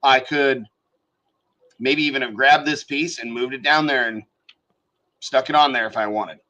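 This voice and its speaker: A man hosting a casual live-stream tutorial, talking through design software as he works, swearing freely and thinking out loud. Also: medium pitch, steady tone, moderate pace, lo-fi sound. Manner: profane, thinks aloud while working. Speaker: show host teaching design software.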